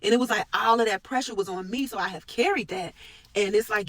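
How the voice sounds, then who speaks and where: A woman talking earnestly about her work and her faith in a personal vlog, with sudden lifts in pitch and force. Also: brisk, fairly bright tone, slight background noise, low-quality recording. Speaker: medical worker sharing a personal reflection.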